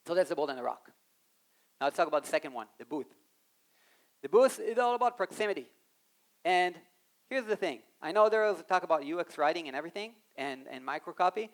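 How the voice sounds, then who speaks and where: A man giving an animated live talk on a conference stage, speaking straight to the audience and acting out quoted voices. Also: a little high, quick pace, long pauses. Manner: animated, addresses the audience directly.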